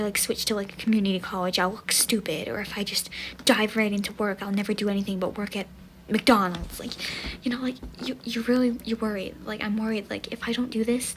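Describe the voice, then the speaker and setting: A woman's voice: medium pitch, slight background noise, rough recording. A young woman and university student telling a casual storytime vlog, rambling with many fillers and often dropping to a near whisper. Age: young adult. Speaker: vlogger.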